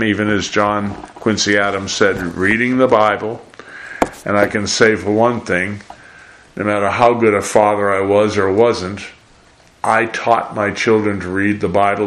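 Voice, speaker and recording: A man's voice: fairly low pitch, fairly bright tone. An older man giving a conversational sermon, rambling and acting out quoted voices. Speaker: preacher.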